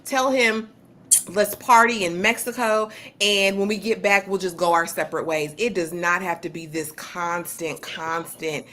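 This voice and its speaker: Woman host, bright clear tone, slangy and blunt. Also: on the low side, fairly even intonation, unhurried, slight background noise. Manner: chatty, blunt, slangy, acts out quotes. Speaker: podcast host. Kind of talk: casual reality TV recap chat.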